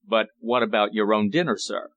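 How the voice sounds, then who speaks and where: A deferential older butler speaks in formal, respectful tones, voiced by a male narrator. The voice drops low and quiet, and each line ends with a polite "sir.". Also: moderate pace.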